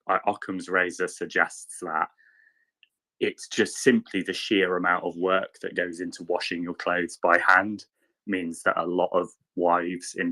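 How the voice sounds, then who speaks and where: A man in casual chat, telling a rambling anecdote with lively quoted voices. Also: sits low. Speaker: panelist.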